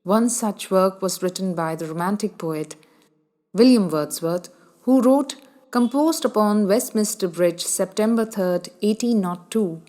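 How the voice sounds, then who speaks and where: Woman, literature lecturer, measured explanatory delivery, asks questions. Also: medium pitch, dark tone.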